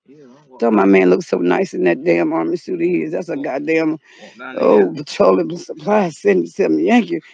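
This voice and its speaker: Gravelly woman, dramatic vlogger. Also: lowish voice, a little fast, dull audio. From North Carolina. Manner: dramatic, excitable, exaggerated fright. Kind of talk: casual comedic vlog. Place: outdoors in the cold.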